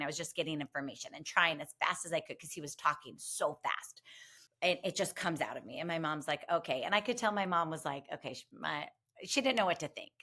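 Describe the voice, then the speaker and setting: A woman guest on a podcast, telling a personal story in an animated, expressive way with many asides. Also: fairly low pitch. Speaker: guest, medium and grief counselor.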